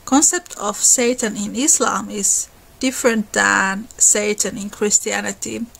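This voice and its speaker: Gravelly-voiced woman explaining mythology. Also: medium pitch, steady tone, a little slow, a bit bright, low-quality recording. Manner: conversational, with restarts and small laughs. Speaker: channel host.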